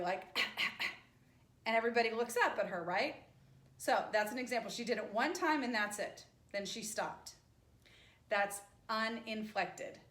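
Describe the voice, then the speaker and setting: A woman's voice: mid-range voice, fairly bright tone. Woman teaching in an echoey room. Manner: explains patiently, with many "right?" checks. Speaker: sign language teacher. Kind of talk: classroom lecture.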